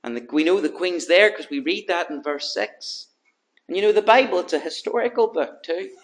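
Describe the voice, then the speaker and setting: A man preaching an evening sermon, swinging between loud urgency and hushed earnestness, with emphatic repetition. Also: high-pitched, lively intonation, moderate pace, poor audio.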